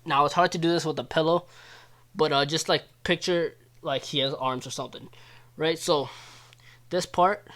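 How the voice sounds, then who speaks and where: A man's voice: a little high, fairly even intonation, moderate pace, fairly bright tone. A young man casually teaching wrestling moves, loose and chatty, often checking in with "right?". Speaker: wrestling coach. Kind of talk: casual instructional video.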